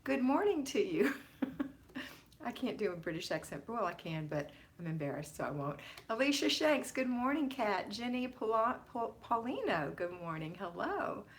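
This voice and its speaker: A woman's voice: mid-range voice, very animated, normal speed, few pauses. A middle-aged woman hosting a casual homemaking livestream from home, greeting viewers by name in an affectionate, chatty way. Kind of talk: casual live-stream chat.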